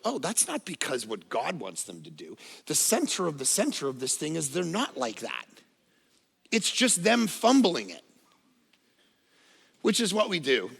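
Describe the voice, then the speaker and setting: Pastor guy preaching, gravelly voice, chatty funny stories, lots of church hall echo. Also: medium pitch. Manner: lively conversational storytelling with humor. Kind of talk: sermon. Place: church auditorium.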